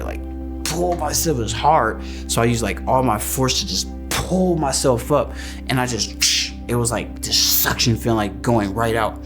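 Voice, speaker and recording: A man recounting a personal experience in a plain, matter-of-fact way. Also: mid-range voice. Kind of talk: personal story clip. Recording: faint music behind.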